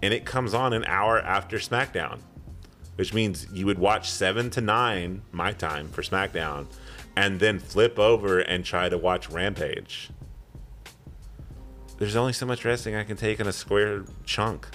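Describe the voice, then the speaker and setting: Man, 30s, very deep voice, casual podcast chat, rambling, faint music. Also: measured pace, fairly bright tone. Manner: rambling, tangent-prone, chuckling. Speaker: podcast co-host.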